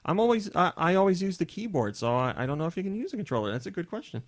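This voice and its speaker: A man's voice: high voice, big pitch swings, rapid-fire. A man hosting a podcast in casual chat, chatty and jokey with rambling asides. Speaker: podcast host.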